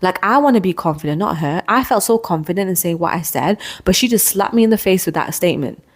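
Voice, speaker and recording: A young woman tells her own story on her podcast, earnest and emotional, often stopping to restart a sentence. Her voice sits a little low for a woman, and she talks in a personal storytelling way. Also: lively intonation, slightly rough. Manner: emotional, earnest, quick restarts and repeated words. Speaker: podcast host.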